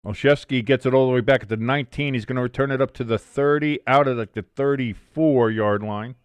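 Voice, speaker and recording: A man streaming a casual watch-along, calling the plays live and reading chat aloud, who gets loud and stunned at big plays. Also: medium pitch, fairly quick, clean tone, dry recording. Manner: excitable, shouts in disbelief at big plays, reads chat aloud. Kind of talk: casual live play-by-play commentary.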